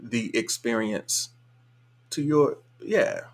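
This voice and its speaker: A man's voice: mid-range voice, lively intonation, slow pace. Laid-back man hosting a live stream. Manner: laid-back, chuckles often, colloquial. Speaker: livestream host. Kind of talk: casual live-stream chat reading comments.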